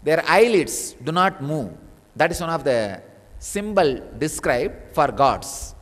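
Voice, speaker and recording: A man's voice: a little high, expressive, takes it slowly, a bit bright. A man giving a spiritual discourse as a teacher, telling a story with sudden bursts of emphasis. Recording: long reverb of a large hall.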